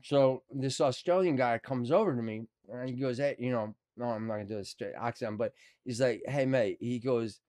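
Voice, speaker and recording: A middle-aged actor, appearing as a guest on a podcast, tells a story in casual conversation at a moderate pace and medium pitch. Recorded in studio quality with no echo, he acts out what people said and swears freely.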